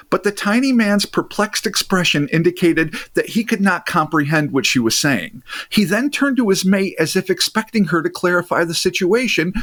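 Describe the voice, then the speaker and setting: A podcast host telling a strange tale in casual chat, reading passages aloud and breaking off for jokes and swearing. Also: male voice, sits high, fairly bright tone.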